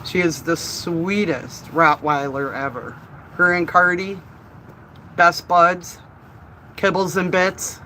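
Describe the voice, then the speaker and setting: A man chatting on a live stream from a bar, telling animated stories, laughing often and swearing freely. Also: high-pitched, slow pace, a little hiss or hum, low-quality recording. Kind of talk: casual live-stream chat. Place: bar, indoors.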